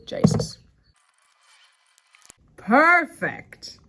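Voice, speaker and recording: A woman's voice: high voice, very animated, drawn-out words, pushed and bright. A woman chatting casually to her phone camera at home, rambling and correcting herself as she goes. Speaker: vlogger. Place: at home, indoors.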